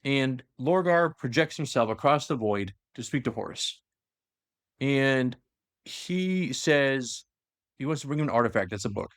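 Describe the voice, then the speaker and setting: A man's voice: mid-range voice, lively intonation, a little slow, no echo, clean studio sound. A man casually retelling a story in a loose, rambling way with many fillers. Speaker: lore explainer. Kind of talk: casual lore chat.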